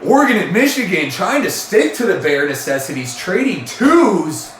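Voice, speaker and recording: A man doing jokey mock sports play-by-play commentary, full of puns and quick self-corrections. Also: high voice, sing-song, echoey room, slight background noise.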